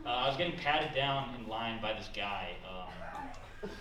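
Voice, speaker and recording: A young man performing a stand-up comedy set with a dry, deadpan delivery. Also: medium pitch, a little slow, recorded from a distance. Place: small comedy club stage. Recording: echoey club room, mic heard from afar, loud noise.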